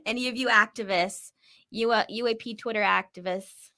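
A woman's voice: on the high side, steady tone, normal speed, pushed and bright. Chatty female podcast co-host, easy laughter, casual read-through. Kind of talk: casual chat.

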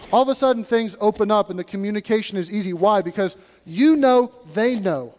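A male pastor giving a sermon in an animated, conversational way, with acted asides, in a church sanctuary. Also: high-pitched, fast talker, hardly any pauses, long reverb tail.

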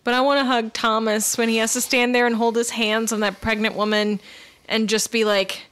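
Woman podcast co-host, casual and chatty, quick asides, laughs easily. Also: on the high side, level tone, fairly bright tone, clean tone. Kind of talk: casual chat about a TV episode.

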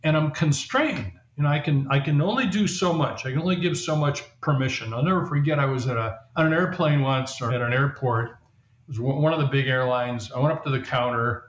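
Speaking briskly in a medium-pitched voice, a leadership coach and author explains his thinking as a guest on a podcast, now and then performing quoted voices. The audio has a roomy, dull, lo-fi quality.

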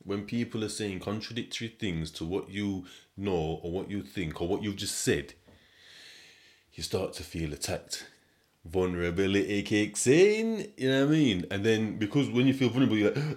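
A man with a very deep, low voice talks through a casual solo podcast monologue. His storytelling is animated and slang-heavy, full of repetition, and it jumps between quiet asides and loud bursts. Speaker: podcast host.

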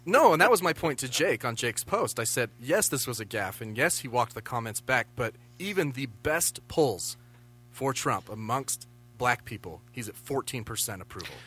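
Opinionated guy cohosting a podcast, bright tone, gets fired up, swears a bit. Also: medium pitch, moderate pace, husky. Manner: animated, opinionated, swears freely. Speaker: podcast co-host. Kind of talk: casual political chat.

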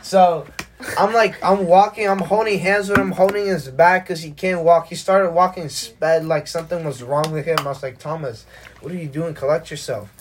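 A young adult host rattles off a story for friends, swearing freely and acting out every beat. The voice sits at an ordinary middle pitch and sounds relaxed and conversational. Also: moderate pace, background noise. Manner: profane, animated anecdote telling. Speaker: podcast host. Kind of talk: casual storytelling chat.

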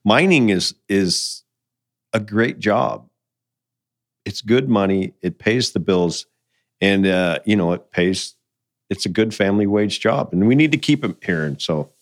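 A low-pitched man from the mining industry who talks casually on a podcast. He tells folksy stories and slips into quoting what people said to him. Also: animated, unhurried. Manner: folksy storyteller, quotes people in conversation. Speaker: mining guest.

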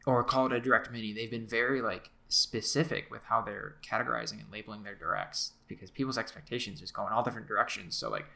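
Gravelly, bright-voiced podcast co-host. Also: male voice, lowish voice, fairly even intonation, fast, hardly any pauses. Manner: chatty, hedging, many "like" and "right?". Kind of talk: casual gaming podcast chat.

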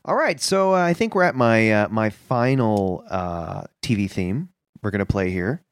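Deadpan, mock-earnest male podcast co-host. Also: fairly low pitch, normal speed, clean tone, no room sound, studio quality. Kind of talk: casual comedic chat.

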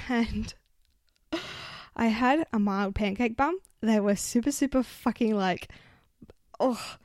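With a handheld mic, a woman in her 20s vlogs casual stories in a chatty style, swearing frequently and saying "like" a lot. She has a higher voice with a darkish tone, recorded cleanly in a studio without echo.

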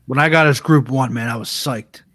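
A man's voice: medium pitch, fairly quick, fairly bright tone, no echo. A man with a mid-range voice co-hosts a casual live podcast. He jokes easily and laughs often, recorded on a dry close mic. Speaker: podcast co-host. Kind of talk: casual live-stream chat.

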